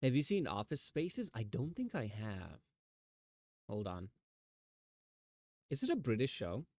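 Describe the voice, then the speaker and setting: A man's voice: medium pitch, measured pace, dry recording. Chatty male streamer, dry close mic. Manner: chatty, animated storytelling with mimicked voices. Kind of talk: casual chat.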